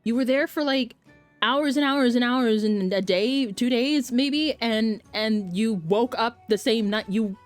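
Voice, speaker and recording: A woman's voice: a little high, a little slow, dry recording, faint music behind. A woman playing a tabletop role-playing game, asking skeptical, probing questions. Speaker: player.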